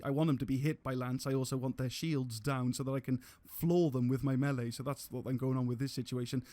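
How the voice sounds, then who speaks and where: A man's voice: medium pitch, a little mellow, no echo. A man giving casual gameplay commentary on a live stream, rambling with restarts and casual swearing.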